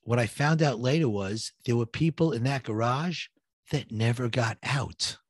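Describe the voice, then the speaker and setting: A man's voice: medium pitch, unhurried, slightly rough, dry recording, clean studio sound. A middle-aged man tells a personal survival story, acting out what each person said and building suspense. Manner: vivid, reenacts dialogue, builds suspense. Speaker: guest telling his story.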